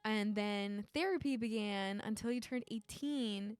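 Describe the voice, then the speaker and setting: A woman co-hosting a livestream in a casual, chatty way, quick to laugh. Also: medium pitch, clean tone, no room sound, studio quality. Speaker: livestream co-host. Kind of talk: casual chat.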